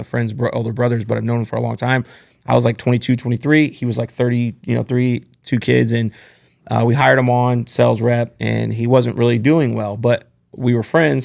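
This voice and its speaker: Male podcast host, mid-range voice with gravelly texture, candid and earnest storytelling. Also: medium pitch, a little mellow. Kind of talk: casual podcast conversation.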